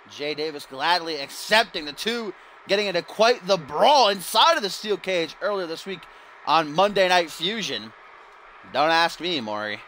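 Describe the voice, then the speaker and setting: A man's voice: on the high side, sharp tone, a little hiss or hum. A man giving casual, joking play-by-play commentary on a wrestling video game, in a profane sportscaster style.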